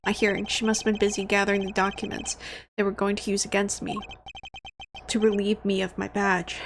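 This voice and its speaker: A woman's voice: medium pitch, flat delivery, fairly quick, noisy background, natural voice. A woman reading as a haughty accused prosecutor. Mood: defensive. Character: indignant woman prosecutor under suspicion.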